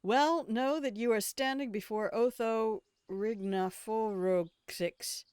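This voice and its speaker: An older woman voicing a proud, boastful male dwarf healer, reading the lines slowly without putting on an accent. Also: a little high, darkish tone, clear, resonant tone, dry recording, clean studio sound, pitched above the performer's own voice. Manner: reads game dialogue slowly in her own voice, no accent.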